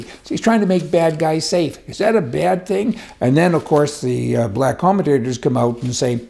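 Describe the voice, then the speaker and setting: Guy with a gravelly, darkish voice doing sarcastic political commentary, ranting and scoffing. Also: a little high, moderate pace, few pauses, mellow. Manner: sarcastic, indignant rants with laughs. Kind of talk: opinion commentary monologue.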